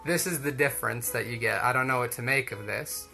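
A man's voice: mid-range voice, fairly quick, creaky, pushed and bright, soft background music. A young man giving a casual storytelling talk, rambling and chatty with lots of fillers.

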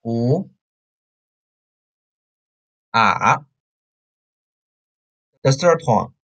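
A woman teaching Chinese, slowly drilling syllables and tones, repeating each one twice. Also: rumbling low, expressive. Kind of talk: slow pronunciation drill. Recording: dull lo-fi online class audio.

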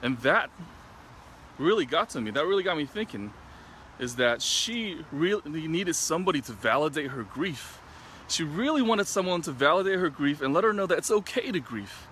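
A man's voice: a little high, sing-song, moderate pace, a bit bright, a little hiss or hum. A male physician telling a patient story in an earnest, reflective way, retelling the dialogue at length. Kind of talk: personal storytelling to camera.

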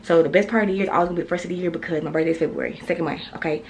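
A woman's voice: fairly low pitch, fairly even intonation, very fast, a little hiss or hum, low-quality recording. A young woman, rambling casually about her day at home as she talks straight to her viewers. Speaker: vlogger. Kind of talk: casual day-in-my-life vlog.

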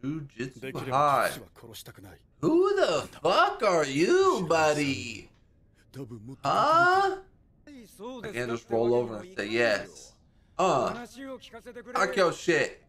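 A man hosting an anime reaction channel, talking casually and excitedly, exclaiming and swearing as he talks to the screen. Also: a little high, takes it slowly, pauses often. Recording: music playing loud behind.

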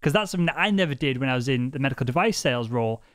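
A man's voice: mid-range voice, lively intonation, racing, no echo, clean studio sound. A man hosting a podcast interview, asking eager, probing questions. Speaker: podcast host.

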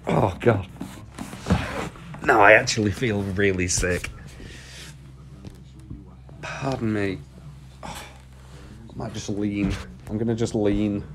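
A man's voice: fairly low pitch, takes it slowly, pauses often, background noise. A British man on a casual live stream from home, rambling and chatting with viewers over a phone mic. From United Kingdom. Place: at home, lying down.

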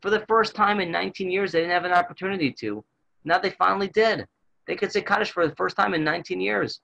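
Gravelly-voiced male tour guide telling stories. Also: high-pitched, quick pace, sharp tone, lo-fi sound. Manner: earnest storyteller, often repeats words. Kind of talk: storytelling virtual tour presentation.

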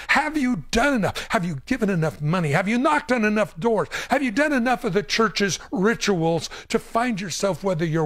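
A man's voice: sits high, no room sound, clean studio sound. A man hosting a call-in Bible show as a pastor, speaking emphatically and repeating words to drive a point home. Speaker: pastor and radio show host. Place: radio studio.

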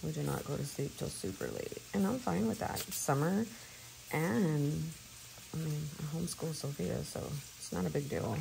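A woman's voice: low voice, moderate pace, vocal fry, a little mellow, slight background noise, rough recording. A woman vlogger chatting casually at home while she works on a planner, rambling and laughing often. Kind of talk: casual chat while crafting.

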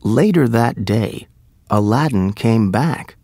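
A reader narrating a fairy tale slowly and clearly for English learners. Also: mid-range voice, no room sound, clean studio sound. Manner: slow, lively storybook telling. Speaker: storybook reader.

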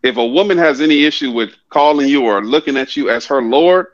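A man's voice: medium pitch, expressive, brisk, dry recording, lo-fi sound. A man who is a guest on a podcast, talking in a blunt, preachy, profane, casual way. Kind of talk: casual chat.

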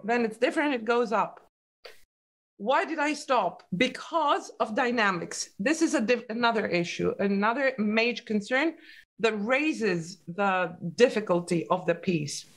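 A woman leads an online piano masterclass, speaking slowly and deliberately in a fairly high voice. She coaches with patient questions and calls out the dynamics for the student. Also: lively intonation, fairly bright tone. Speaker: piano teacher.

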